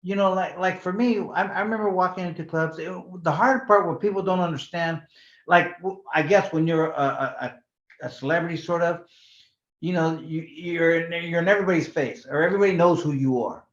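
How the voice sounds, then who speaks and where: This sixty-year-old man, once a boxing champion from California, rambles through his stories in a casual interview, repeating words and dropping in Spanish slang. His voice is on the high side, slightly quick, and a bit bright. The recording has an echoey room and a dull, lo-fi quality.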